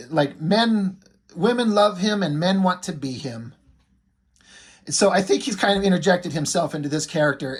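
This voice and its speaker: A man's voice: high voice, husky. A man casually recapping a comic book, joking and swearing freely. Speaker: comic reviewer.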